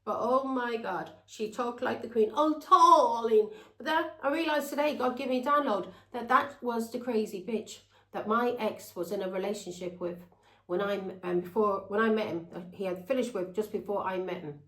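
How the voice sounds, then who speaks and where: A woman's voice: medium pitch, normal speed, echoey room, poor audio. A woman telling a long, rambling personal story to her viewers. She talks bluntly and swears freely. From England. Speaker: tarot reader.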